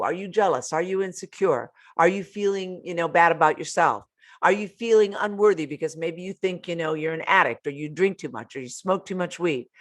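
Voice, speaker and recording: A woman giving motivational self-help advice in a frank, direct way. She talks straight to her listeners and drops casual profanity without hesitation. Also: on the low side. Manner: blunt, candid, profane, addresses listeners directly. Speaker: podcast host, self-help speaker.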